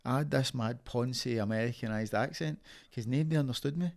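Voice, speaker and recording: Man, thirties, Glaswegian accent, gravelly voice, passionate, blunt, swears a lot. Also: mid-range voice, a little fast, darkish tone. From Scotland. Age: 30s. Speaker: guest, fighter. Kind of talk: casual podcast interview.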